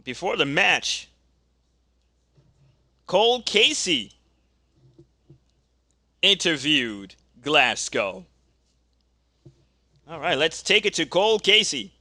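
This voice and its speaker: Bright-voiced man narrating a dice game. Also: a little high, slow pace, long pauses, no room sound. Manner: casual, reads dice results aloud, gets excited during the action. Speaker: game host.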